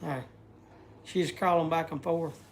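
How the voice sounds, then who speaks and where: A man's voice: a little high, steady tone, measured pace, a little hiss or hum. Brief: man, folksy livestream rambler, loses his words. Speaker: vlogger. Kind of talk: casual livestream chat.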